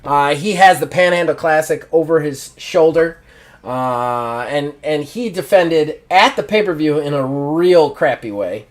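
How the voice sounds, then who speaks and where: A man's voice: fairly high pitch, measured pace. A man casually narrating a solo wrestling role-playing game as its host, describing characters with lots of fillers. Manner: rambling, casual, many fillers. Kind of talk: casual live-play narration.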